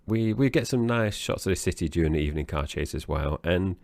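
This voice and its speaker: A man with a very deep, gravelly voice chats about a film, rambling and hesitating as he goes. The sound is dry and close. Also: lively intonation, fairly quick, darkish tone, dry recording. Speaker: podcast co-host. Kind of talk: casual film-review chat.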